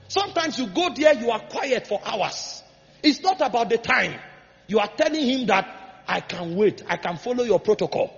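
An impassioned male preacher whose voice sits high and swings widely, climbing into shouted, sing-song peaks. The sound is dull and muffled, with a long reverb trailing through a large hall. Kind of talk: sermon.

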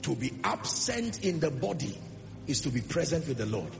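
Gravelly high-voiced preacher in echoing hall. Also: male voice, big pitch swings, normal speed. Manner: emphatic, rhetorical questions, swings from loud declarations to soft asides. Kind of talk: sermon. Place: church hall with congregation. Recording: long hall reverb with music underneath. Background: music.

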